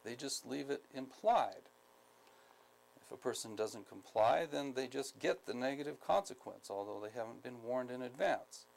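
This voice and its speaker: A man from the United States giving a skills training lecture, speaking deliberately, repeating key points, with many ums. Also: mid-range voice, expressive, vocal fry, low-quality recording. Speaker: instructor.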